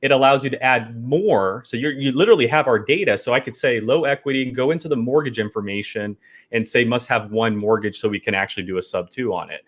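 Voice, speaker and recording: A man appearing as a guest, casually walking through software features step by step. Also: medium pitch, fast. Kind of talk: product demo conversation.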